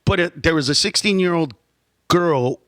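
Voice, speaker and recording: A man with a high-pitched voice sits in as a comedian guest in a radio studio, rambling from one story to the next in an animated way. The sound is close and dry. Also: no echo. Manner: animated, rambling, quick to jump into stories. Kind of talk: casual studio banter.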